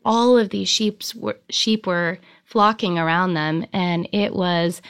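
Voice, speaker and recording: A woman in her thirties talks eagerly and at length in a casual interview, peppering her speech with ums and likes. Her voice is smooth and clear. It is recorded dry, with no room sound. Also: on the low side, steady tone, slow pace, no room sound. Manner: chatty, enthusiastic, many ums and likes. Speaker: wedding and travel photographer.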